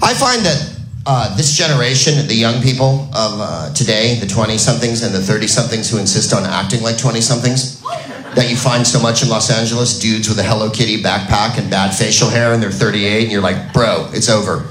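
A man's voice: fairly low pitch, brisk, crowd noise. A man performing a rambling, wry stand-up routine. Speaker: stand-up comedian. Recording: echoey room with noise.

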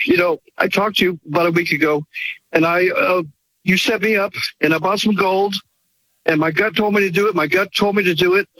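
A man's voice: sits high, fairly quick, pushed and bright, dry recording, poor audio. A man calling in to a talk show, emotional, grateful and rambling. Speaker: caller. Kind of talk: call-in chat.

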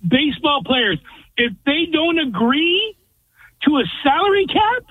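A man's voice: very high voice, big pitch swings, unhurried. A man calling in to a sports talk radio show, giving blunt, opinionated rants. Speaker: caller. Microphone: phone. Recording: dry tinny phone line.

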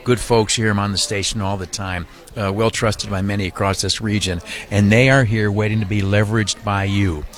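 A man's voice: on the low side, steady tone, normal speed, hardly any pauses. A man hosting a live radio fundraiser appeal, earnestly pleading with listeners, repeating himself and stammering through fillers. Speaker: radio host running a hospital fundraiser. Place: radio studio.

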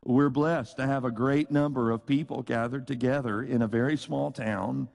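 A middle-aged Southern preacher from Tennessee delivers a sermon in an earnest, conversational way. His voice sits at an ordinary male pitch, and he breaks into folksy sayings and little acted-out exchanges. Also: steady tone, normal speed, creaky, a little mellow.

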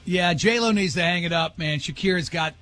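Brief: high-pitched male morning radio host, rambling and jokey, faint music bed behind. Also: normal speed, fairly bright tone. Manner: loose, joking, rambling. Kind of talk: casual on-air banter.

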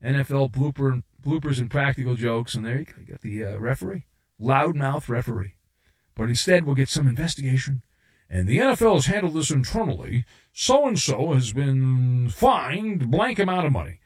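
A man's voice: mid-range voice, animated, a little fast, slightly rough. A middle-aged man hosting a sports talk radio show, delivering a sarcastic, opinionated monologue and mocking outrage with put-on voices.

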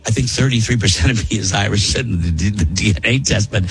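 A man's voice: lowish voice, fairly quick, soft background music, poor audio. A man casually telling a story to friends on a podcast, rambling and restarting his sentences. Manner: rambling, self-interrupting, repeats words while telling.

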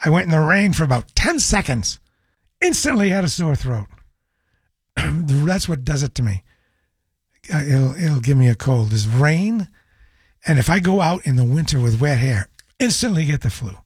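A middle-aged man hosting a casual call-in radio show, his voice hoarse and scratchy after a cold, rambling through anecdotes. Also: a little high, no room sound, studio quality. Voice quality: raspy. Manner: rambling anecdotal storytelling with restarts. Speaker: radio host. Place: radio studio. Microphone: studio microphone.

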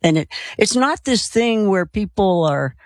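High-voiced chatty male radio host. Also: lively intonation, unhurried, dry recording, clean studio sound. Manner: chatty, laughs easily, affirming. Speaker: radio talk show host. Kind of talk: casual radio interview.

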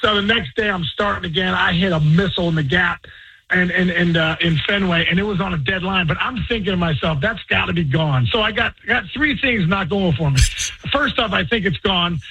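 A high, bright male voice, very rough and raspy with gravelly fry. He is a former ballplayer on a radio show, telling animated stories at full excitement. He stumbles over repeated words and slips into quick impressions of the people he quotes. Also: dry recording, highs cut off. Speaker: guest, former pro ballplayer.

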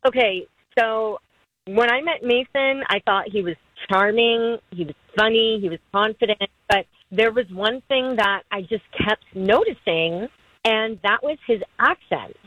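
Excitable young woman telling a story. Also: on the high side, unhurried, dry recording, dull audio. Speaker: caller on a radio show. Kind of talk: phone call on radio.

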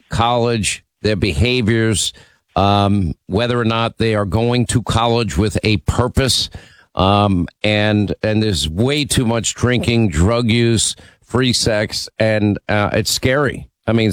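A male talk radio host with a mid-pitched voice, speaking into a studio mic with a very dry, close sound. He talks emphatically and rallies his audience. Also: no room sound. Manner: emphatic, teasing, rallying listeners.

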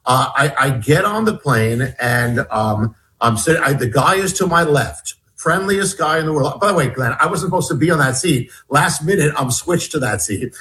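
A man talks as a guest on an interview show, recounting events in a loose, halting way. His voice sits a bit high for a man. He often restarts mid-sentence and repeats words before pushing on. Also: lively intonation, bright, forceful tone, rough recording. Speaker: guest author. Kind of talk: storytelling in a conversational interview.

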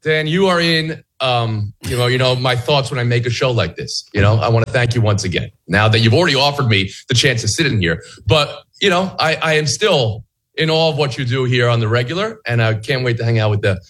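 A middle-aged man who is a TV host, guesting on a sports show and talking in an energetic, rambling, self-mocking way. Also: mid-range voice, fairly quick. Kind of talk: casual talk-show banter.

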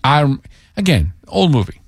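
A man's voice: medium pitch, sing-song, unhurried, breathy edge, dry recording, studio quality. A man hosting a sports talk show, playfully needling his co-host and steering the conversation.

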